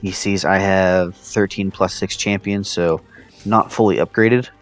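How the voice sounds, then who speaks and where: Male player, deep voice, narrates his own match loosely with ums, faint music underneath. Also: a little slow. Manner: relaxed, thinking aloud with fillers. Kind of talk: casual gameplay commentary.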